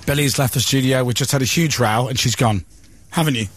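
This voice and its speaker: A man's voice: medium pitch, fairly bright tone, soft background music. A man hosting a morning radio show from a studio, teasing and joking. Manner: teasing, jokey, quick to mock. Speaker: radio host.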